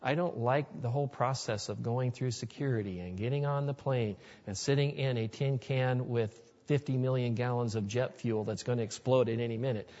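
A man with a middle-pitched voice gives a storytelling sermon, earnest and folksy in manner. His voice carries a long reverb off a large hall. The recording is dull and lo-fi. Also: steady tone, normal speed, few pauses, a little mellow. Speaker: Christian speaker. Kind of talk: storytelling sermon to a live audience.

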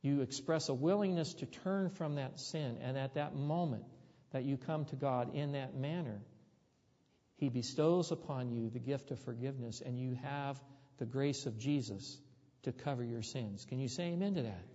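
A man's voice: mid-range voice, normal speed, dark tone, long reverb tail, muffled recording. A man preaching a sermon, telling a story in a conversational way that rises to emphatic peaks.

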